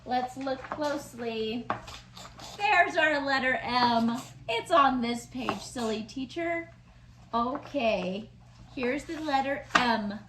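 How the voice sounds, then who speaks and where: Woman, preschool teacher, high and unhurried, exaggerated phonics, slight room echo and faint hiss. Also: animated. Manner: slow, sing-song, exaggerated letter sounds. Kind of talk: online lesson for young children. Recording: echoey room with faint noise.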